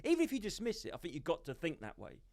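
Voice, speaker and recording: A man on a comedy podcast, his voice pitched a little high and swinging widely as he rants. He swears freely and spins conspiracy theories in loose, casual chat from a podcast studio. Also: wildly swooping pitch, rapid-fire, a little mellow. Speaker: podcast co-host.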